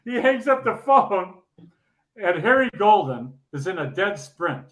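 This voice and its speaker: A man's voice: high-pitched, sing-song, unhurried, fairly bright tone, dull audio. A man, a retired bowling pro, telling stories in casual chat, laughing often and repeating words as he goes.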